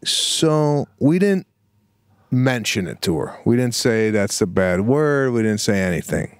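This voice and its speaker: A man's voice: on the low side, very animated, measured pace, clear, resonant tone, dry recording. A man co-hosting a podcast, telling stories in a laid-back, casual way with laughs. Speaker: podcast co-host. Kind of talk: casual chat.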